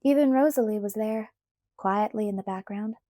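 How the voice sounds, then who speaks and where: Mellow-voiced woman reading a novel aloud. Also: mid-range voice, normal speed, no echo, clean studio sound. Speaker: audiobook narrator. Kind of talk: first-person novel read-aloud.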